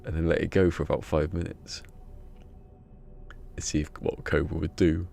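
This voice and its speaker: A man's voice: a bass voice, flat delivery, normal speed, vocal fry, darkish tone, a little hiss or hum. A man chatting casually on a live game stream, joking and rambling with frequent laughter.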